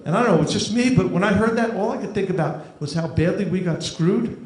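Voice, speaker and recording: Brisk and high-pitched, with lively intonation, a New Jersey comic in his fifties delivers a dry, self-deprecating set from a club stage. The recording has room echo and audience noise.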